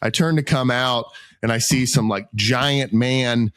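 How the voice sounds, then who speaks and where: A man co-hosting a podcast, telling a long self-mocking anecdote in a casual, animated way, acting out what people said. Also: mid-range voice, a little slow, dry recording, studio quality. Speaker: podcast co-host. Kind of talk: casual storytelling chat.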